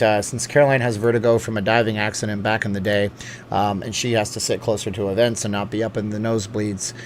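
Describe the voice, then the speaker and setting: A middle-aged man talks loosely through a home livestream, drifting from one aside to the next and often restarting his sentences. His voice sits at an ordinary middle pitch. A faint noise hums underneath the recording. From lives in Las Vegas. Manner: rambling, chatty, with frequent restarts and asides. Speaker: channel host reading live chat. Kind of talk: casual livestream chat. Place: home room.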